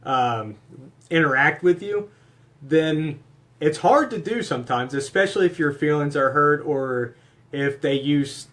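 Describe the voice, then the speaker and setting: A man, co-hosting with his wife, giving measured, gentle advice to couples in a candid conversation. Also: a little high, expressive. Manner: measured, gently advising like a counselor. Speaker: husband and co-host.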